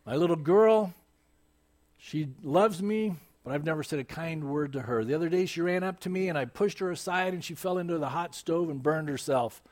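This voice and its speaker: A man's voice: a little high, moderate pace, darkish tone, natural voice. A male preacher voicing a hardened man who owns a gambling hall, telling of his crimes in a pleading, insistent way. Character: hardened male gambling-hall owner, menacing then broken.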